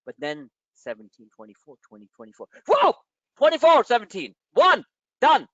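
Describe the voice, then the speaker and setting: A man's voice: very high-pitched, wildly swooping pitch, normal speed, a bit bright, dry recording. New guy ranting at his trading class, swears a lot, voice swings up and down, muffled dry audio. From New York. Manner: frustrated, blunt, profane, lecturing. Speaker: trading webinar host. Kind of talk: live webinar rant. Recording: dull dry lo-fi webinar audio.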